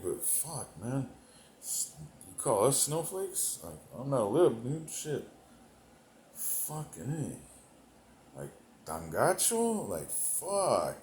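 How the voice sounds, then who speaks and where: A man delivering a rambling, profane comedic monologue, meandering between thoughts, laughing to himself, and swinging between loud bursts and mumbled asides. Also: medium pitch, reverberant, a little hiss or hum, rough recording. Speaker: comedic performer.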